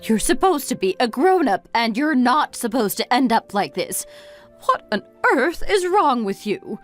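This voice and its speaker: An exasperated mother who berates her grown son with one reproachful question after another, voiced by a woman. The voice sits fairly high and swings widely in pitch. It is read as a texting-story voice-over with faint music underneath. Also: sing-song, unhurried.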